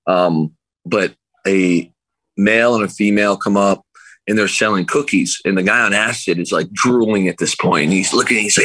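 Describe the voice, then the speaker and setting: Guest spot: easygoing man with a deep voice, dry close sound, remote call, loose storyteller who laughs a lot. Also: brisk, fairly bright tone, dry recording. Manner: laid-back, rambling, chuckles often. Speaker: podcast guest. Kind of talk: casual storytelling chat.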